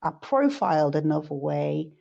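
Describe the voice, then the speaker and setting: A woman's voice: sits low, very animated, normal speed, vocal fry, dark tone. A woman from the United Kingdom, a guest sharing reflective stories in casual chat. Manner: reflective, storytelling. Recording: dull lo-fi audio.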